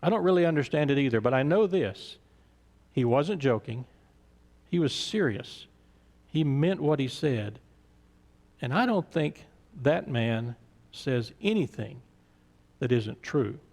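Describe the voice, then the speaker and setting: A man's voice: medium pitch, expressive, measured pace, pauses often. A man voicing a stern, principled middle-aged father who speaks firmly and earnestly, recorded in a reverberant church sanctuary. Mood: quiet, earnest. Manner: firm and indignant, later quiet and earnest.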